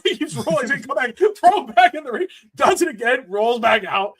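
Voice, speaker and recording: Excitable high-voiced man recapping wrestling. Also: fairly quick, hardly any pauses. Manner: excitable, swears, laughs often, acts out moments. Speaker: podcast co-host. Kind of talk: casual wrestling podcast chat.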